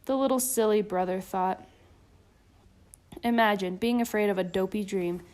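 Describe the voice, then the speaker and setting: A woman reading a children's storybook aloud in a gentle, even storytelling manner. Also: medium pitch, moderate pace. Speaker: storybook reader.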